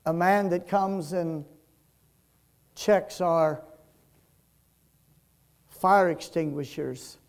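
A man preaching a sermon as pastor, slow and emphatic, rising to loud peaks and dropping to soft, quiet passages. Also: a little high, vocal fry, smooth. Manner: slow, emphatic preaching that swells and drops in loudness.

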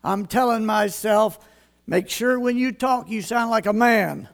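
An older man preaches a homespun sermon in an unusually high voice for a man. His delivery is slow and unhurried, with a gravelly edge. He reads old scripture in a measured King James cadence. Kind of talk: folksy sermon with scripture reading.

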